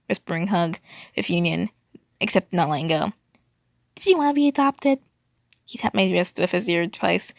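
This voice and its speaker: A woman's voice: on the low side, gravelly, no room sound, studio quality. A woman reading fan fiction aloud, stumbling and restarting, with a wry tone.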